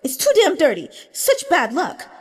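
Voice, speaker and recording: Brief: spoiled contemptuous boy voiced by a woman, high and snappy, long hall reverb. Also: wildly swooping pitch, moderate pace. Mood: disgusted. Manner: sneering, snapping. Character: haughty spoiled young noble boy, contemptuous.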